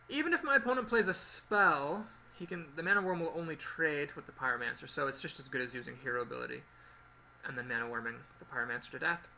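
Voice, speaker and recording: A man hosting a gaming video, giving chatty, animated play-by-play commentary with playful exclamations. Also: a little high, gravelly, a little hiss or hum. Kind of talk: casual gameplay commentary.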